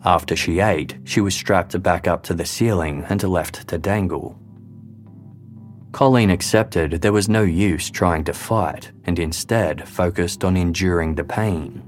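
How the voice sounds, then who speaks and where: A man, a podcast host, giving scripted true-crime narration in a measured, grave storytelling manner. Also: low-pitched, faint music behind.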